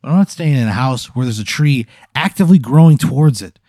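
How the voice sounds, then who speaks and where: Male podcast co-host, exasperated and profane, mellow dark tone, dry mic. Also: medium pitch, lively intonation, fast talker, no echo. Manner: exasperated, swears a lot. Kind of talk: improvised comedy podcast.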